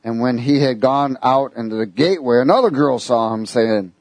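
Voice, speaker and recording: A male preacher in a casual, conversational sermon, moving between scripture reading and questions to his listeners. His voice sits at a middle pitch. The recording is dry, with no room echo. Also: moderate pace, darkish tone.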